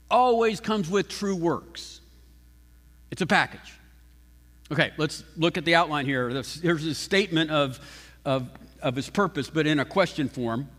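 A man preaching a sermon as pastor, animated and emphatic, often restarting his sentences. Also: high-pitched. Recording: long hall reverb.

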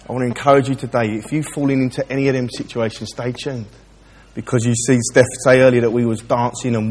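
A man's voice: medium pitch, a little mellow, slightly rough, in a large hall. A man preaching a chatty, direct sermon in a church and speaking straight to the listeners. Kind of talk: informal sermon with a joke.

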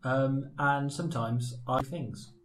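A man co-hosting a podcast, making dry deadpan jokes in casual chat. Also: mid-range voice, unhurried. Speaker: podcast co-host. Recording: echoey room.

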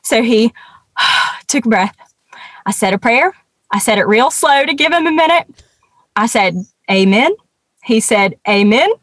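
A woman guest telling a personal story in an earnest, conversational way, with many pauses and restarts. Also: on the high side, animated, a bit bright, dry recording.

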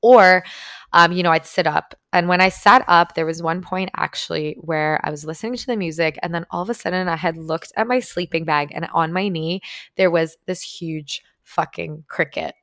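Chatty woman with a lowish voice. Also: normal speed, a bit bright, dry recording, studio quality. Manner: chatty, heavy use of "like", frequent swearing. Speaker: vlogger. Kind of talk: casual storytelling to viewers.

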